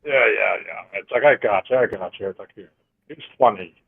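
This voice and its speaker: A man's voice: fairly low pitch, moderate pace, creaky, husky, phone-quality sound. A man playing a tabletop game, trading laid-back jokes in casual chat. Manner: laid-back, joking banter. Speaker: player.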